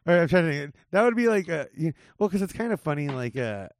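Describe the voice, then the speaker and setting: A man's voice: on the high side, very animated, quick pace, a little hiss or hum. A man guesting on a comedy podcast, rambling loosely with lots of "like" and laughter. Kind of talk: casual comedic podcast chat.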